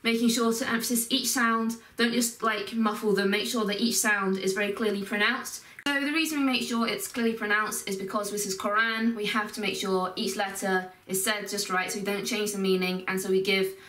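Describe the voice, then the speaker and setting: A woman's voice: medium pitch, fairly even intonation, fairly quick, few pauses, a bit bright. A woman teaching a step-by-step recitation lesson, explaining patiently and carefully and drawing out example sounds. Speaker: Quran teacher. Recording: echoey room, voice from a distance.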